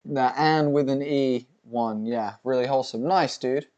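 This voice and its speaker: A man's voice: medium pitch, moderate pace, a little mellow, lo-fi sound. A man co-hosting a live fight watch-along, swearing, bantering and reading out chat messages. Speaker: livestream co-host.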